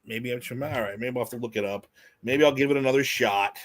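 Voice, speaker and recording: A man in casual podcast chat who rambles, laughs often and restarts his sentences. His voice sits at an ordinary middle pitch for a man. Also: fast talker. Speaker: podcast co-host.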